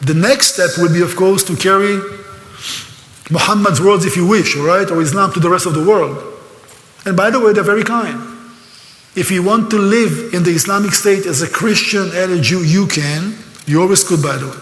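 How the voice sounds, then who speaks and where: A man's voice: high-pitched, moderate pace, fairly bright tone. An older man with an Israeli accent giving a live seminar lecture, emphatic and sarcastic, at times openly emotional. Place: lecture hall. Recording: echoey hall.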